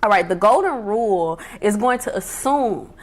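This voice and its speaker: A woman's voice: mid-range voice, expressive, moderate pace. A woman hosting a casual livestream from home, giving life advice in an emphatic, chatty way and repeating her key points. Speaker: livestream host.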